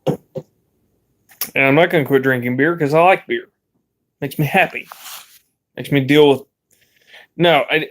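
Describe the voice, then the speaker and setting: A man's voice: medium pitch, a bit bright, slight background noise. A young man vlogging in a rambling, laid-back way, swearing casually as he chats. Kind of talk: casual vlog chat.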